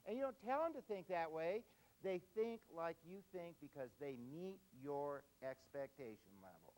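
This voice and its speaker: Man, parenting expert, live seminar, animated, acts out scenes, lively pitch. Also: normal speed, poor audio.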